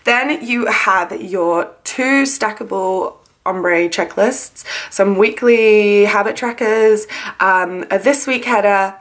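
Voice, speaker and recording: A young woman talks casually and enthusiastically, piling up compliments about everything she shows. Her voice sits at an ordinary middle pitch. There is a sleepy, just-woke-up edge to her chat, with plenty of likes and ums. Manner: gushing, enthusiastic, chatty with many likes and ums. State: sleepy, yawning. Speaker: planner sticker haul vlogger. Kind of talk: casual haul video chat.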